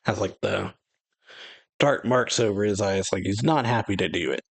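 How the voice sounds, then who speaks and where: A man's voice: lowish voice, moderate pace, gravelly, no room sound, poor audio. A man hosting an anime reaction, casually reading a manga chapter aloud with many fillers and restarts.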